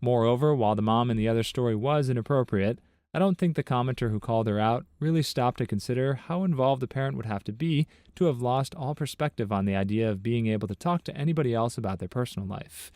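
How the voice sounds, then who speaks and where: Guy narrating reddit-style stories, even steady read, mid pitch, dry sound no room. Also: quick pace, no echo. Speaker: narrator of online story compilations. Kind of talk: scripted narration of reader stories and comments.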